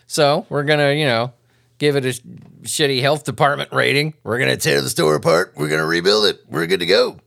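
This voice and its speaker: A man's voice: a little high, a little fast, creaky, fairly bright tone. A man voicing a blasé male store manager who brushes things off in an offhand, dismissive way.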